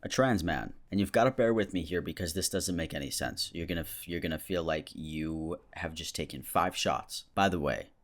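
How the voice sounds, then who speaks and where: A man with a deep, low-pitched voice speaks close to the mic. He gives casual, mocking commentary and reacts to screenshots with dry sarcasm. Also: normal speed, hardly any pauses.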